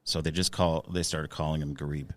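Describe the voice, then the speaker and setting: A man's voice: very deep voice, flat delivery, a little fast. A man in his thirties, a musician guest on a casual podcast, talking with hesitant fillers and restarts.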